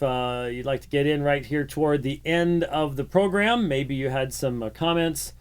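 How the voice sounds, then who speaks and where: A man's voice: fairly high pitch, moderate pace, few pauses, clear, resonant tone. A man hosting a call-in program, taking phone calls and explaining points at length with many "uh" fillers. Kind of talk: call-in radio talk and teaching.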